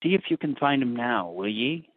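A man's voice: medium pitch, expressive, normal speed, no room sound, close to an everyday voice. A man voicing a strange, ominous male sailor prophet who speaks in old seafaring dialect and veiled warnings, on a tinny, dry, phone-like recording. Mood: cryptic.

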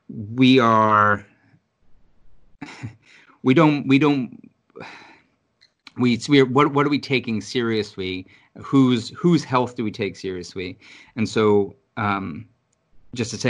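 Man from New York City, lower voice, casual, swears a lot, animated storyteller. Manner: rambling, profane, animated storytelling. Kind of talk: casual conversation. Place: Virginia.

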